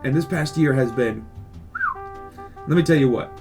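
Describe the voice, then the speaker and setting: A man's voice: medium pitch, normal speed, over music. A man hosting a casual podcast, rambling and ranting with lots of swearing. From California. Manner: rambling, animated rants with profanity. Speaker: podcast host.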